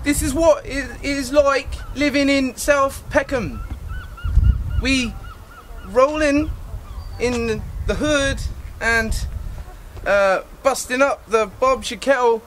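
A man putting on a clumsy Cockney accent, rambling in halting nonsense slang for a home comedy sketch. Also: very high-pitched, a bit bright, slight background noise, heavily acted. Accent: put-on Cockney.

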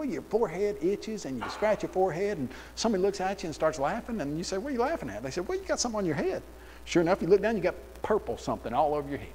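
A man preaching a sermon in an animated, sarcastic storytelling way. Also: on the high side, in a large hall, low-quality recording. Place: church auditorium.

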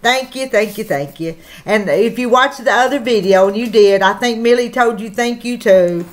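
A woman's voice: a little high, normal speed. A woman with a Southern country accent, chatting folksily to her viewers while opening mail on her vlog. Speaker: channel host.

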